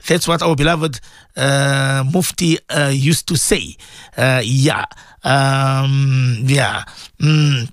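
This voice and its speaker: A man's voice: medium pitch, extremely slow, no echo, studio quality. A man hosting a morning radio show, preaching to listeners in an emphatic, repetitive, exhorting way. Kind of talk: preaching on-air talk.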